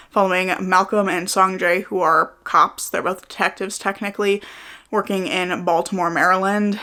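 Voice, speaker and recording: A woman's voice: mid-range voice, a bit bright. A woman giving casual book recommendations in a chatty way, often hedging with "like" and "I think". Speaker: book reviewer.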